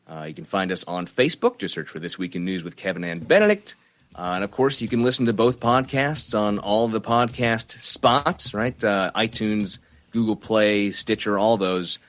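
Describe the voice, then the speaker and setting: A man with a raspy radio voice, chatting wryly as a podcast guest. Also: lowish voice, moderate pace. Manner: wry, animated storyteller. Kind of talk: casual chat.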